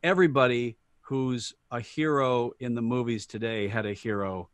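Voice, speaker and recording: A man's voice: mid-range voice, fairly even intonation, normal speed, smooth, no echo. A middle-aged man, a voice actor guest, chatting animatedly in an interview and retelling anecdotes with quoted voices. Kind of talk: casual interview storytelling.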